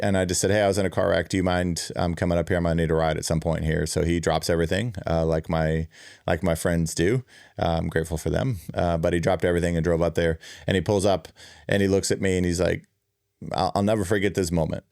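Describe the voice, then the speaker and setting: A man speaks in a very deep voice with a gravelly fry at the ends of phrases. He tells a personal story earnestly and reflectively, pausing on fillers and restarting his sentences. The sound is dry and close, with no room echo. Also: a little mellow. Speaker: podcast host and keynote speaker.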